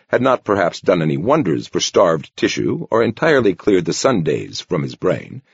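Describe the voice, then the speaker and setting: Male narrator, gravelly and husky, expressive reading. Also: sits low, dry recording, highs cut off. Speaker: audiobook narrator. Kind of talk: scripted narration.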